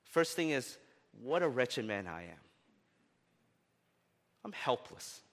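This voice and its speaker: A male pastor preaching a sermon in a casual, conversational way, often rising for emphasis. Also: slow pace. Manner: animated, often rising in pitch and loudness for emphasis; conversational with fillers like "right?" and "like". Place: church. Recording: long reverb of a church hall.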